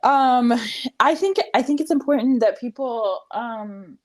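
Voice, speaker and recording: A woman's voice: fairly high pitch, measured pace, a little mellow. Doula lady on a podcast, easygoing, lots of mm-hmms. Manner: supportive listener, frequent murmured agreement. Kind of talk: casual chat.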